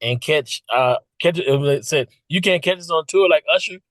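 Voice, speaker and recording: A man's voice: fairly high pitch, moderate pace, no echo, poor audio. A man who co-hosts a podcast, speaking earnestly and with emphasis as an interview guest. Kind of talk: casual interview chat.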